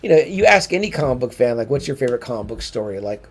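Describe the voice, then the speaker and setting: Man, podcast co-host, gravelly voice, middle pitch, casual enthusiastic chat. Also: sing-song, quick pace. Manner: enthusiastic, swears freely. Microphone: podcast microphone.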